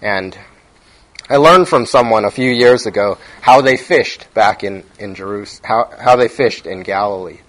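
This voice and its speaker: A man's voice: lowish voice, a little slow, a bit bright, poor audio. A man giving a sermon in a conversational teaching manner, often checking in with his listeners. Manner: conversational, frequent "right?" check-ins. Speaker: preacher.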